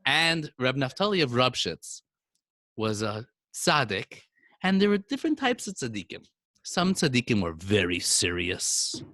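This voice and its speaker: A man's voice: no echo, studio quality. A man telling Hasidic stories to children as a teacher in an online class. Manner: animated, with sudden swings of pitch. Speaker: storyteller teacher. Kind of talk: storytelling for children.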